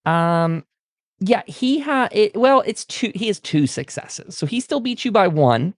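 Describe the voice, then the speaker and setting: Game master, man; easygoing narration, slow delivery, dry close sound. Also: high voice, no echo. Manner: relaxed, many fillers, laughs while describing.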